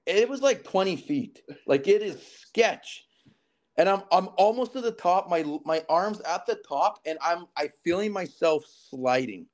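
Podcast guest, man in his 30s, from Alberta; lively raconteur who voices the people in his story, voice sits fairly high. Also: unhurried. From southern Alberta, Canada. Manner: animated, acts out quoted dialogue. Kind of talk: casual storytelling.

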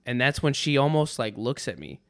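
A man's voice: medium pitch, lively intonation, a little fast. A man hosting a podcast, telling a rambling, sarcastic story in a casual monologue full of restarts. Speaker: podcast host.

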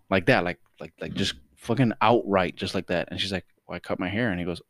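A man's voice: low-pitched, fast talker, few pauses, dry recording, clean studio sound. A man co-hosting a casual podcast, talking with lots of swearing and frequent laughter. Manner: animated, swears a lot, laughs often. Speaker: podcast co-host. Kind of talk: casual chat.

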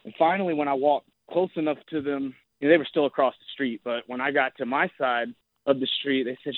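A man's voice: medium pitch, fast talker, no echo. A man calling into a radio show, telling a story in a rambling, chatty way full of fillers. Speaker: caller. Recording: tinny phone line.

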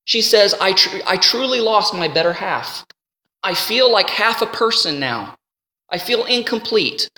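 Guy preaching casually, bright tone, roomy hall echo. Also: high-pitched. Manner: animated, conversational teaching with slowed scripture reading. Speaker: Bible teacher. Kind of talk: sermon. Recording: roomy hall with long reverb.

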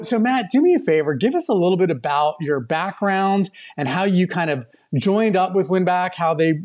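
Upbeat man, slightly high voice. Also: a little mellow. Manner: upbeat, jokey. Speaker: podcast co-host. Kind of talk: casual podcast chat.

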